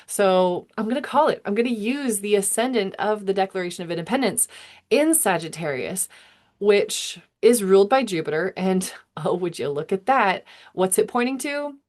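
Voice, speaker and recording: A woman's voice: medium pitch, expressive, normal speed, a little mellow. A woman in her thirties, an astrologer musing aloud in a meandering, self-interrupting way with chuckles. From United States. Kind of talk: casual musing monologue.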